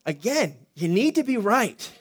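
A man's voice: sits high, very animated, unhurried, husky. A middle-aged man preaching a sermon as pastor, conversational, with joking asides and frequent restarts.

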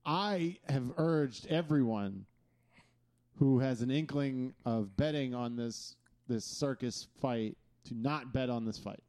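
Male co-host, mellow tone, steady and argumentative. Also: mid-range voice, slow pace. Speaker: podcast co-host. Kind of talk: casual chat.

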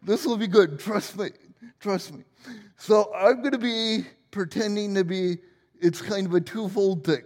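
High-voiced pastor in a reverberant hall. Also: male voice, a little slow, darkish tone. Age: 40s. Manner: humorous, self-deprecating storytelling. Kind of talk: sermon. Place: church sanctuary.

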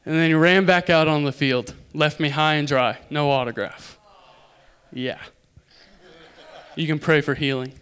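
A young man from Idaho preaching a sermon, telling a story with animated, loud impressions. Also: a little high, unhurried, long pauses.

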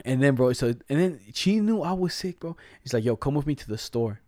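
Young man, mellow tone, dry close sound, slangy profane storyteller in a casual chat. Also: mid-range voice, animated, fairly quick, no room sound. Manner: slangy, profane, laughing while telling a story.

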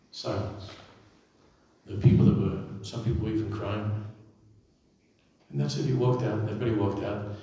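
Impassioned rabbi in an echoey hall. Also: male voice, lowish voice. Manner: impassioned, rising to loud emphasis. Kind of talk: sermon storytelling. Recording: echoey hall, distant mic.

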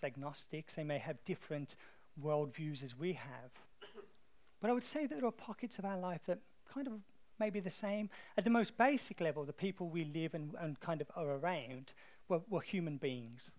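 An English man preaching to his congregation, with a voice that sits a little above the usual male range. He talks easily and conversationally and tells his stories with lively animation. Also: fairly high pitch. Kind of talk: sermon.

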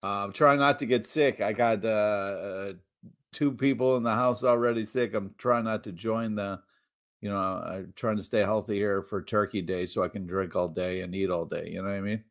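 A man co-hosting a casual live-streamed talk show, relaxed and laid-back with hesitant fillers. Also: fairly low pitch, moderate pace. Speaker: podcast co-host.

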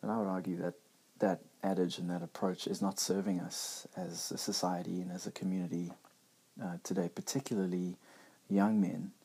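A middle-aged podcast host speaks in a low-pitched, flat, warm voice with a breathy edge, at normal speed. He talks candidly and reflectively in a conversational personal monologue, restarting his sentences often.

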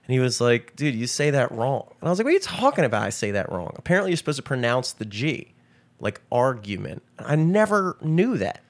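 Male podcast co-host from Maryland, casual storyteller, medium pitch. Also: brisk. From Maryland, USA. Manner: animated storyteller, says "dude" and "like" often.

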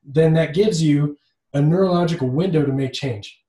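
A man's voice: on the high side, normal speed, dark tone. A man hosting a podcast, chatting casually and explaining ideas in loose, restarting phrases while often agreeing with his guest. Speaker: podcast host. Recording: echoey room.

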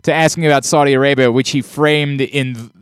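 A man's voice: mid-range voice, fairly even intonation, brisk, clean tone, no room sound, clean studio sound. A man hosting a podcast in casual chat, rambling and exasperated, often restarting his sentences. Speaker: podcast host.

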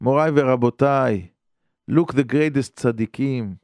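A man tells a story as a sermon in earnest, halting English. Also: medium pitch, darkish tone, dry recording.

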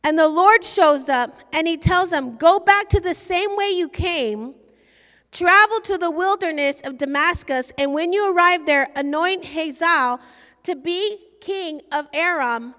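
Impassioned high-voiced woman preacher. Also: measured pace, a bit bright. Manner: impassioned, acts out prayers and scripture quotes. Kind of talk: sermon. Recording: long hall reverb.

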